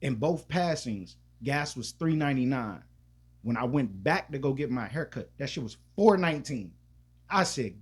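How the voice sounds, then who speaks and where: Husky-voiced man telling a rambling story. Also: medium pitch, lively intonation, normal speed. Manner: loose, profane and rambling, with frequent restarts. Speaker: podcast co-host. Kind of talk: casual storytelling chat.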